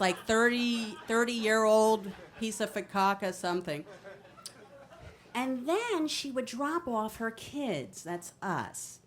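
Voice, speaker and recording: A woman in her fifties from New Jersey, telling a brash, comic true story on stage into a microphone. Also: mid-range voice. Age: 50s. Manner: brash, comic, animated delivery. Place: storytelling stage in a city venue.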